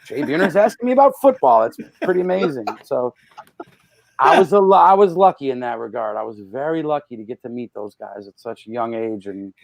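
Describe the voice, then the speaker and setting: A man's voice: brisk, gravelly. A man as a podcast guest, telling anecdotes in casual chat and acting out the people he quotes. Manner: animated, acts out quotes with loud jumps in pitch. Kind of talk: casual storytelling.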